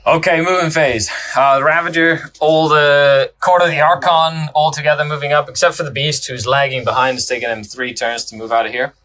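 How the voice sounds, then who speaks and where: A man's voice: on the high side, steady tone, brisk, hardly any pauses, sharp tone. A man hosting and playing a tabletop battle, chatty, thinking aloud and often laughing as he talks through the moves. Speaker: host and player. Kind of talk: casual tabletop battle commentary.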